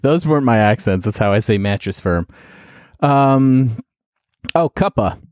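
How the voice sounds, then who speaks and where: A man's voice: medium pitch, a little slow, dry recording, clean studio sound. A young man co-hosting a podcast, telling stories and joking with friends in a casual chat. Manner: lively, laughing, jokey storyteller. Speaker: podcast co-host.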